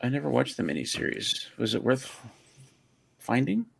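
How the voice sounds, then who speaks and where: Gravelly man rambling in casual chat. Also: medium pitch, moderate pace, a little hiss or hum. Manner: rambling, searching for words, animated. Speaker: livestream co-host.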